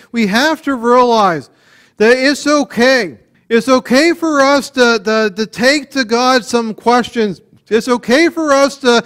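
A man preaching a sermon on a psalm, earnest, often repeating and restarting words, moving between soft, low passages and louder, emphatic ones.

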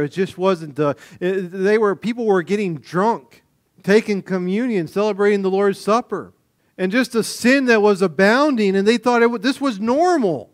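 A man preaching a sermon, animated, swinging between loud emphasis and quiet low asides, acting out the voices of everyday people. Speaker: pastor.

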